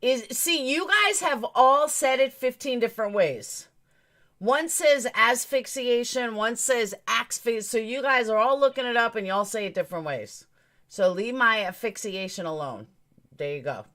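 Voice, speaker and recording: A woman's voice: fairly high pitch, lively intonation, moderate pace, fairly bright tone. Blunt, opinionated woman streamer. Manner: talks straight to her chat. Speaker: true crime streamer. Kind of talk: live-stream commentary, reading chat.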